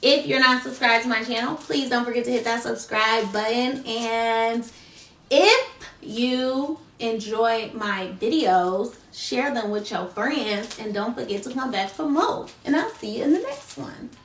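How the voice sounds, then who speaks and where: A woman's voice: on the high side, a little slow, fairly bright tone, distant mic. A woman telling a storytime on her vlog, speaking casually and animatedly straight to her viewers. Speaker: vlogger. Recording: roomy, off-mic, faint noise.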